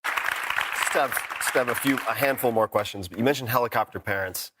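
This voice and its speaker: A man hosting a podcast, steering the talk with brief, calm questions. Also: mid-range voice, a little fast, some chatter behind, slight background noise. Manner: brief, calm prompts and agreement. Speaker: podcast host.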